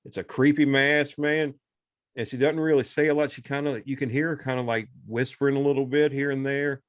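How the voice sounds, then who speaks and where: Man, podcast co-host, casual chat, animated rambling retelling, mid pitch, dry room. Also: fairly quick, no room sound.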